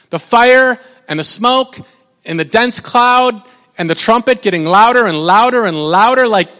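A young man preaching a casual, animated sermon, rambling and cutting himself off as he goes. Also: sits high, unhurried, long reverb tail. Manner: animated, rambling, self-interrupting. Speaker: pastor.

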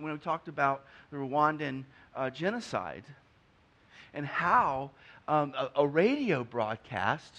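A man's voice: fairly high pitch, pushed and bright. A man preaching a conversational sermon, acting out the figures he quotes. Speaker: pastor.

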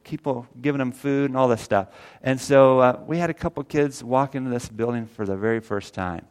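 A man's voice: medium pitch, a little fast, clean tone. A man preaching a sermon, folksy and earnest, speaking with energy. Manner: folksy, earnest preaching, rises loud when quoting scripture. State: briefly tearful. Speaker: pastor.

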